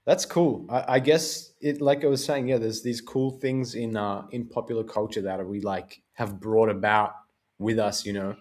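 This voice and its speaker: A man's voice: on the low side, fairly even intonation, normal speed, darkish tone. A man with an Australian accent hosting a casual podcast chat, rambling and laughing often. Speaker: podcast host.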